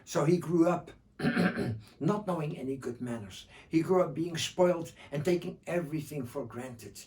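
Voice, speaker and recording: A man performing traditional folk tales as a storyteller, rhythmic and repetitive, often clearing his throat. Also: a little high, animated, measured pace, darkish tone. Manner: rhythmic, repeating phrases, frequent throat-clearing. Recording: distant mic.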